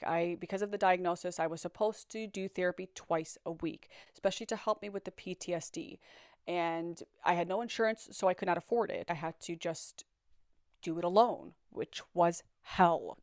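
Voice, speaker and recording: A young woman recounts her own experience in a candid, reflective manner, at times repeating a word while she finds the next. Her voice sits low and sounds smooth and clear, and the recording is dry and close with no room sound. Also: no echo. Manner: candid, reflective, repeats words when searching for them. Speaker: survivor sharing her story. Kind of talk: personal storytelling.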